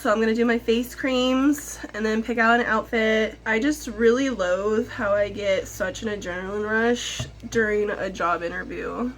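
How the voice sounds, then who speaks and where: Young female vlogger, nervous, higher voice, casual and self-deprecating, light background noise. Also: moderate pace, few pauses. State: nervous before a job interview. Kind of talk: casual vlog chat to camera. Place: at home.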